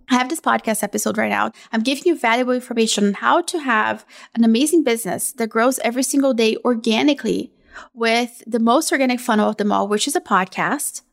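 A woman in her thirties hosting a casual solo podcast from home, talking in a gushing, upbeat sales pitch. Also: vocal fry. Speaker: podcast host.

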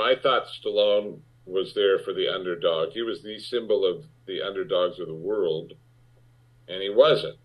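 A man, an actor, speaking frankly in a conversational interview, halting with restarts and rising sharply when he makes a point. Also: sits low. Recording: muffled lo-fi audio.

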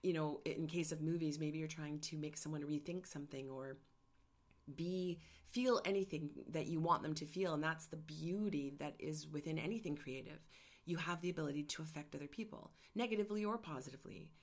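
Low-pitched middle-aged woman host, candid and emotional, personal storytelling. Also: a little fast. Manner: candid, emotional, gets choked up. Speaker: podcast host and artist.

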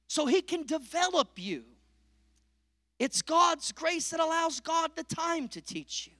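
A middle-aged man preaching a sermon, swinging from loud peaks to hushed lines and calling out to the congregation. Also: extremely high pitch, dry recording, studio quality. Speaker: pastor.

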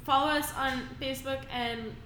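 A woman's voice: sits high, fairly even intonation, moderate pace. A young woman in her twenties co-hosting a casual podcast, often giggling and saying um. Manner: giggly, many ums. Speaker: podcast co-host. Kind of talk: casual chat. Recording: roomy with faint background hiss.

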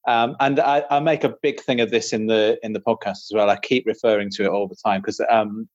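A man's voice: lowish voice, steady tone, brisk, a little mellow, no room sound, highs cut off. Dry, rambling man chatting. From Britain. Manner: rambling, self-deprecating, laughs often. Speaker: podcast host and audiobook narrator. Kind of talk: casual podcast chat.

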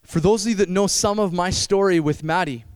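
High-voiced young man preaching a sermon. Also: fairly quick, clear, resonant tone, no room sound. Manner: animated, addresses the congregation with questions.

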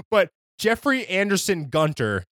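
Animated joking male podcast co-host. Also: high voice, slow, no room sound, studio quality. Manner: joking, animated storyteller with frequent laughs. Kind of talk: casual chat.

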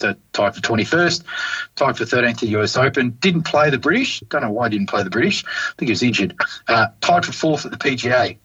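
Aussie guy on a golf podcast, husky voice, gets worked up and rants. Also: medium pitch, poor audio. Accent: Australian. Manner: animated, exasperated ranting. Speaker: podcast co-host. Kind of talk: casual golf podcast chat.

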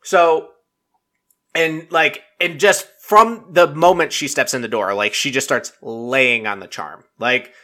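A man's voice: medium pitch, takes it slowly, pushed and bright. A man chatting casually and rambling through a TV recap, packing his talk with fillers and swearing freely. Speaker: reality TV recap vlogger. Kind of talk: casual chat.

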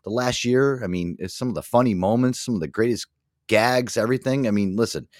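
Deep-ish male show host, dry close sound, chatty and rambling. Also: brisk, no echo. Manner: rambling, many fillers and restarts, laughs a lot. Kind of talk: casual chat.

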